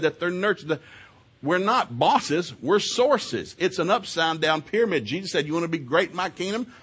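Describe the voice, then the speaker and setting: Man, middle-aged, husky voice, folksy marriage seminar teaching, swings from loud to quiet. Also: on the high side. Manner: folksy storytelling, acts out both sides of arguments. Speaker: seminar speaker. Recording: live audio of a seminar talk.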